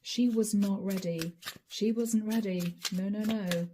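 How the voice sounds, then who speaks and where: Hoarse woman giving a tarot reading. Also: mid-range voice, fairly even intonation, slow pace, mellow. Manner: musing, speaks directly to each sign by nickname. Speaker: tarot reader. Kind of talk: channeled tarot reading to viewers.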